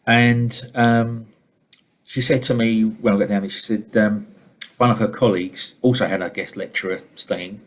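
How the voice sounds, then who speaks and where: Low-voiced man giving a relaxed webinar talk. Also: moderate pace. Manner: relaxed, conversational storytelling. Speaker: leadership trainer and coach. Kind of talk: informal webinar presentation. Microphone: video call.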